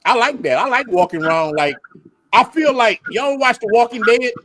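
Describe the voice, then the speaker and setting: An American man hosting a livestream group chat, telling animated, slangy stories and laughing often. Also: very high voice, normal speed. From United States. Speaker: livestream host.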